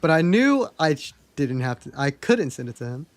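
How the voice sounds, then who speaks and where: A young man talks to his stream from a desk mic at home, chatty and candid and cursing freely as he tells stories. His voice sits a bit high for a man. The sound is close and dry, with no room echo. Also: big pitch swings, normal speed. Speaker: livestreamer. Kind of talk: casual storytelling to a live chat.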